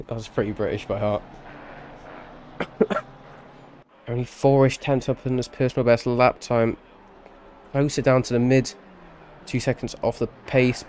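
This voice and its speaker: A man's voice: fairly low pitch, darkish tone, slight background noise. A man giving live-streamed sim racing commentary, chatty and rambling, with self-deprecating asides and a tired edge.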